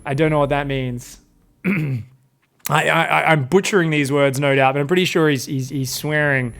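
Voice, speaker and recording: Excitable man casting a strategy game. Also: on the high side, normal speed, creaky. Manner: laughing often, playful, putting on mock voices for players. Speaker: game caster. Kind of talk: excitable esports commentary.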